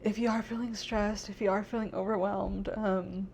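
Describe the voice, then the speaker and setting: A woman's voice: medium pitch, little pitch movement, moderate pace, a little mellow. A young woman hosts a chatty podcast, talking in long rambling runs full of fillers. She sounds tearful and emotional. A faint hum of ambience sits under her voice. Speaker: podcast host. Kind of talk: casual chat.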